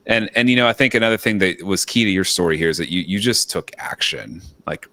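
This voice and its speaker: Deep-voiced male podcast host. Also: fast, pushed and bright, dry recording. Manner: affirming, rambling questions with many fillers. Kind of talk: casual interview talk.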